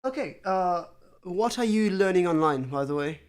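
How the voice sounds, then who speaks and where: The voice is mid-range, expressive and clear, with a darkish, resonant tone and moderate pace. A conlang streamer chats casually with viewers while building a made-up language on stream, dry and self-mocking, thinking aloud with many fillers.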